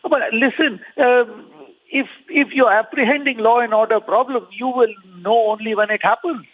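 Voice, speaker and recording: A man's voice: very high voice, steady tone, normal speed. A man with an Indian accent, an opposition politician firing combative rhetorical questions in a news debate. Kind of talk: heated phone-in debate. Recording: tinny phone line.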